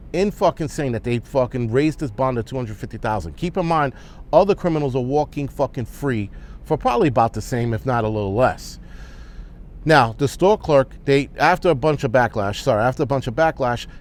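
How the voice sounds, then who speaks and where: A man delivers an angry vlog rant. He talks bluntly and swears freely. His voice sits at an ordinary, mid pitch. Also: lively intonation, moderate pace. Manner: profane, blunt, heated. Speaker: prepper vlogger.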